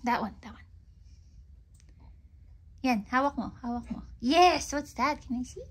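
A woman's voice: high voice, a little slow, slightly rough. A young woman, coaxing her toddler at home in a sing-song voice and slipping into Tagalog phrases. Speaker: mother filming her toddler. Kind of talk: casual family chat.

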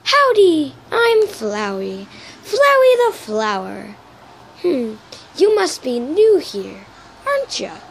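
A woman voicing Flowey, a sugary little flower who greets sweetly in a high singsong. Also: huge pitch swings, slow pace, a little hiss or hum, full character voice.

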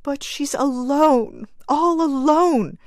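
A woman's voice: on the high side, sing-song, slow pace, no room sound, pitched above the performer's own voice, full character voice. A woman voicing a grieving young mother in mourning, pleading and tearful, in a dry, close recording. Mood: anguished.

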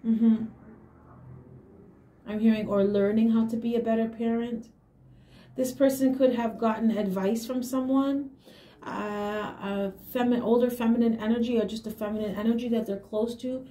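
A woman's voice: fairly high pitch, fairly even intonation, normal speed, warm tone. A woman giving a casual tarot reading straight to her viewers, talking emphatically and dropping affirming hums and small laughs between her points. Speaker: tarot reader. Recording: echoey room with faint hiss.

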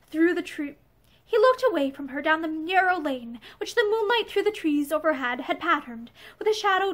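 A woman reads a novel aloud in a room lined with bookshelves. Her voice sits very high, gentle and expressive, and it drops to a soft whisper in the tender passages. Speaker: audiobook reader. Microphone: camera facing her.

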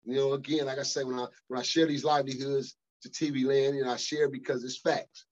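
A man's voice: medium pitch, fast, muffled recording. Emphatic, profane man telling stories. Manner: profane, emphatic, animated storytelling. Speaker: guest. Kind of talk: casual storytelling interview.

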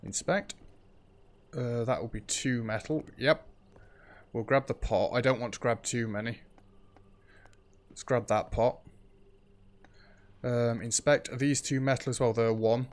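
A man's voice: mid-range voice, unhurried, pauses often. Chatty man playing a game. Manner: chatty, thinks aloud while playing, frequent ums. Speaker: let's play host. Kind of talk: casual gameplay commentary.

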